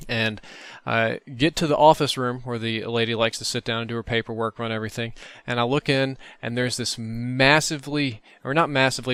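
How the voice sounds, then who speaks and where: A man host telling a dream story over gameplay in an animated, profane way. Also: medium pitch, smooth, no echo. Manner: animated, profane, vivid retelling. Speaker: gaming channel host.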